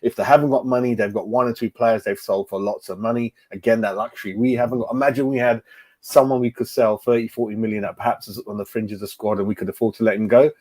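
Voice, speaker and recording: A man's voice: on the low side, steady tone, quick pace, darkish tone. Chatty man hosting a stream. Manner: chatty, repeats words, greets viewers by name. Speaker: fan channel host. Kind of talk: casual livestream chat.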